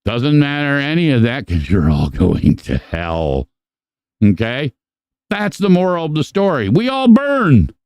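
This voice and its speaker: A man hosts a podcast in loose, casual chat, swearing freely as he rambles through animated stories. His voice is mellow and smooth. The sound is dry and close to the mic. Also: medium pitch, unhurried, no echo, lo-fi sound. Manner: profane, rambling, animated storyteller. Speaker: podcast host.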